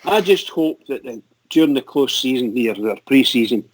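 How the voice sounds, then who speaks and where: A Scottish man chatting excitedly about football on a fan radio show, laughing a lot and tripping over his words. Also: medium pitch, normal speed, breathy edge, no echo, poor audio. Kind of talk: casual football chat.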